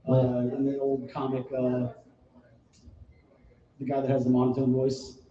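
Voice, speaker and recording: A man's voice: medium pitch, completely flat delivery, measured pace, dark tone. A laid-back man co-hosting a casual pub podcast, talking hesitantly about movies. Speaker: podcast co-host. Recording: echoey room, distant mic, dull sound.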